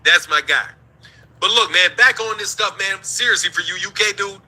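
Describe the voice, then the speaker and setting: A man's voice: high voice, normal speed, pushed and bright, low-quality recording. A man from the United States hosting a show, ranting in heated, profane commentary and laughing between his points.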